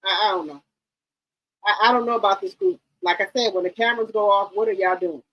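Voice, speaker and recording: A woman's voice: mid-range voice, lively intonation, quick pace, lo-fi sound. A woman giving blunt, profane commentary on a reality show, questioning everything on a casual livestream.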